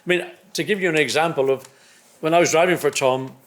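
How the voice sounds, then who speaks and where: An older man in his seventies speaks as the guest of an evening conversation, recalling his racing days. He talks in a slightly higher register, reflective and measured, often circling back to restart a thought. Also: a bit bright. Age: 70s. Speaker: guest, former racing driver. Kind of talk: after-dinner conversation on stage. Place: club evening event indoors.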